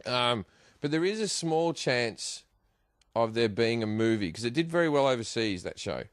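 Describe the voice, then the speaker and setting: Animated, swearing man telling stories. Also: medium pitch, normal speed, clear, resonant tone, dry recording, studio quality. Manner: profane, laughing, acts out voices in anecdotes. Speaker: guest comedian. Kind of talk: animated storytelling chat.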